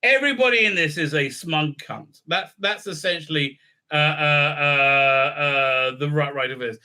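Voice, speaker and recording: In a casual recap-and-review rant, a male online video reviewer gets sarcastic and profane, rambling with lots of fillers. He talks at a measured pace in a fairly high, pushed and bright voice.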